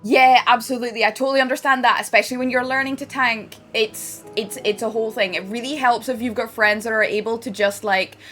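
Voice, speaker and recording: A woman's voice: medium pitch, a bit bright. A Scottish woman streaming from home, chatting effusively with her viewers and swearing casually at times. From Scotland.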